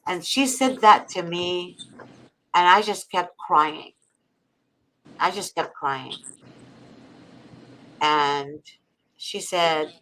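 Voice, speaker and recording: A woman from Egypt speaks in a lowish, forceful, bright voice. She tells her story earnestly, then reads a prayer slowly and deliberately. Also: slight background noise, low-quality recording. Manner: earnest, heartfelt, slow and deliberate when reading. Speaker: guest. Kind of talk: personal storytelling and prayer reading.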